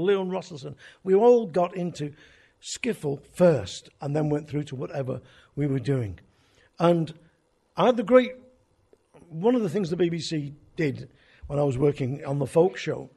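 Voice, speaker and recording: A man's voice: on the high side, lively intonation, normal speed, vocal fry, mellow, slightly rough. An older man, a folk show host telling wry, rambling anecdotes in a conversational way. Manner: wry, conversational, drifting tangents. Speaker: folk radio host and storyteller. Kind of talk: anecdotal storytelling.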